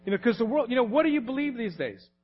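A man's voice: very high voice, sing-song, fast talker, slightly rough, muffled recording. A man in his late forties or older preaching a sermon in a conversational, anecdotal way, often laughing as he talks. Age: late 40s or older. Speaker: pastor.

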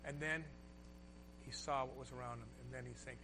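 A man preaching a sermon, moving between loud emphatic lines and soft hushed ones. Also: mid-range voice, steady tone, normal speed, noisy background. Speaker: pastor.

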